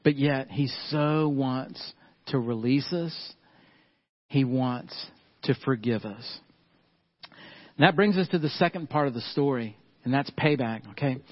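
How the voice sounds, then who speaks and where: A middle-aged man, preaching a sermon earnestly and slowing down and softening on key points. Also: on the high side, lo-fi sound. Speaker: pastor.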